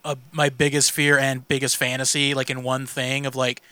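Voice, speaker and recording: A man's voice: medium pitch, level tone, normal speed, bright, forceful tone, smooth, no echo. A man co-hosting a podcast, musing casually with fillers and short reactions. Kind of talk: casual chat.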